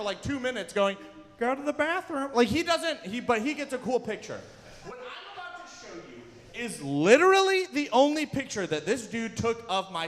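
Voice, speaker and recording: A young man doing stand-up comedy at a live event, telling self-deprecating stories with sudden shouts. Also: high-pitched. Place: large hall, live event. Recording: long hall reverb from a live venue.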